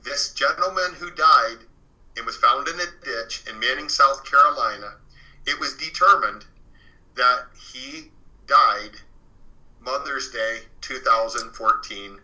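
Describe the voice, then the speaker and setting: Appearing as an interview guest, a man earnestly recounts a true paranormal story in a casual, conversational way, peppered with fillers. His voice is medium-pitched and sharp in tone, his pace measured, and the audio quality is poor.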